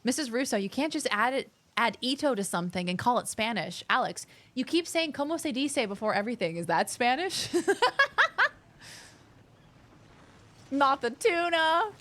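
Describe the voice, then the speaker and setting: Excitable woman streamer, high voice. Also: brisk, few pauses. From Australia. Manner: excitable, gushing, chatty with viewers. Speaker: game streamer. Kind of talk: casual live-stream chat.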